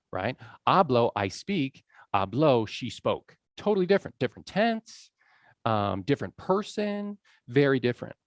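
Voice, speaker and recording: A man lecturing to a room, his voice swinging up and down as he quizzes the audience and laughs along with them. There is a gravelly edge to his speech, and the sound is dry and close, with little room echo. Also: medium pitch. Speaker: college lecturer on language learning. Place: lecture hall.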